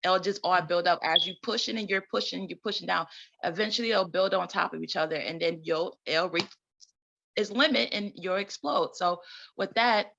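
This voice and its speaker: Woman guest talking emphatic and repetitive, lowish gravelly voice, kinda muffled lo-fi sound. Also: normal speed, noisy background. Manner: repetitive, emphatic, laughs often. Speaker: guest, trauma recovery coach and community founder. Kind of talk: conversational interview.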